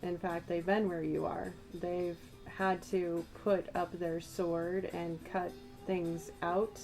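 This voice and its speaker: A woman's voice: lowish voice, flat delivery, takes it slowly, a little mellow. A woman giving a channeled tarot reading, musing aloud and speaking straight to the listener, her voice a little worn. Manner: musing, addresses the listener directly. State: slightly losing her voice. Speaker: tarot reader. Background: background music.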